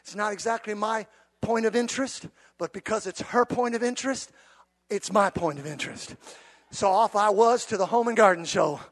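High-pitched guy preaching a sermon, goes from yelling to real quiet storytelling. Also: normal speed. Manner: swings from shouted, fervent preaching to soft, conversational storytelling. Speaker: pastor.

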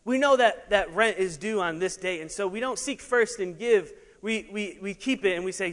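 High-voiced man preaching in a reverberant hall. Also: moderate pace, few pauses. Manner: animated, laughing asides, juggling while preaching. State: out of breath at times. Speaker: pastor. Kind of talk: sermon.

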